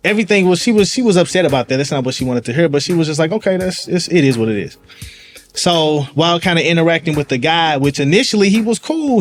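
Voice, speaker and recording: A police sergeant with a St. tells stories in easygoing street slang. He slips in and out of the voices of the people he met, keeping it conversational. Faint music sits under his voice throughout. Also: a little high. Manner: animated storyteller, acts out voices, slangy. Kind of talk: casual storytelling conversation. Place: live event venue.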